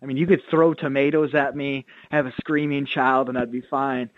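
A pastor and author, appearing as a guest on a radio interview, tells stories earnestly and acts out the quotes. His mid-range voice is delivered flatly at a moderate pace. The sound is a tinny, dry phone line with no echo.

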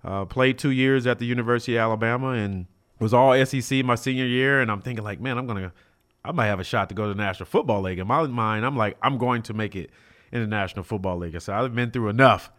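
Middle-aged man, a former college athlete, a guest storyteller from South Central LA. Mid-pitched, chatty, acts out the quotes. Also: fast talker. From South Central Los Angeles. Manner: animated, acts out quoted dialogue, many fillers like "you know". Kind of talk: storytelling in a casual interview.

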